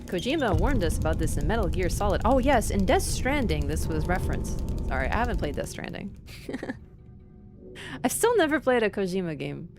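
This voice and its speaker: A woman's voice: medium pitch, sing-song, moderate pace. Chatty woman streamer over game music. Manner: chatty and opinionated, talks straight to chat; sudden loud yelps at the game. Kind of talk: live gameplay commentary and chat reading.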